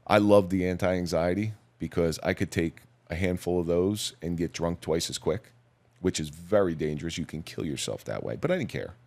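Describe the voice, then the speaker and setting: Brief: middle-aged man, very low voice, measured and somber storytelling, plain-spoken guest. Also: a little mellow. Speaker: podcast guest, police officer. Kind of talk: personal storytelling in a podcast interview.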